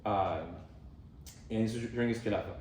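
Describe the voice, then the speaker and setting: A young man giving a casual talk on a hadith, explaining in a relaxed way with fillers and Arabic terms. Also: on the low side, moderate pace, slight background noise. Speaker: student speaker on hadith. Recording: echoey room from far off.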